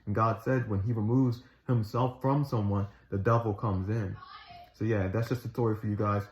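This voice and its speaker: A man's voice: lowish voice, steady tone, moderate pace, a little mellow. A man casually telling a personal faith story, rambling with restarts and earnest retellings. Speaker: Christian storyteller. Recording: echoey room, slightly dull sound.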